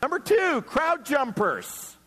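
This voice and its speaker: A man's voice: extremely high pitch, slow pace, long reverb tail. A man preaching a sermon as a pastor to a few hundred people, joking and acting out the people in his stories. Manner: animated, joking, acts out quoted people. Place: church hall before a few hundred people.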